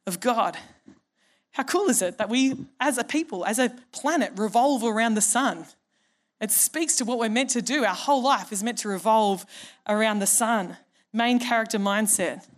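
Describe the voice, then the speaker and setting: She is a middle-aged woman pastor, delivering a sermon to her congregation. Her voice sits a little higher than most women's. She keeps it conversational and funny, acting out the voices of people in her anecdotes. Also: normal speed. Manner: conversational and humorous, acts out quoted voices.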